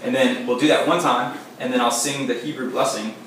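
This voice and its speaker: A man talks a small group through a teaching in an easygoing way, pausing on "um"s as he explains. He sounds set back from the mic in a very echoey room, with faint noise underneath. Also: mid-range voice, recorded from a distance. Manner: relaxed, filler-heavy explaining. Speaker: teacher leading a Sabbath demonstration.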